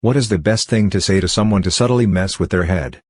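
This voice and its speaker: Deep-voiced man reading stories. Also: brisk, a little mellow, dry recording, clean studio sound. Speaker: narrator. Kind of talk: reading online stories aloud.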